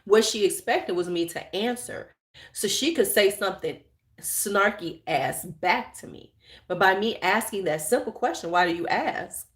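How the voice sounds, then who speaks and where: A woman's voice: medium pitch, unhurried. Woman ranting casually on a livestream, blunt and cussing, roomy echo. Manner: blunt, profane, animated storyteller; reads and answers viewer chat. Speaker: channel host.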